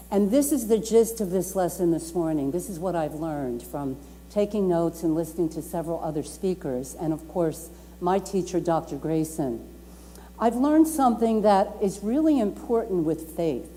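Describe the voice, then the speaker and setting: A woman's voice: medium pitch, dark tone. A woman reverend preaching a Sunday sermon, stressing and repeating her key phrases and inviting the congregation to speak along. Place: community lounge at a YMCA. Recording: long reverb from a lounge room.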